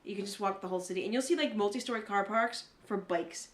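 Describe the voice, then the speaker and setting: Speaking fast at a medium pitch, a woman co-hosts a podcast in a reverberant space. She chats casually and tells her stories with animation, acting out the people she quotes.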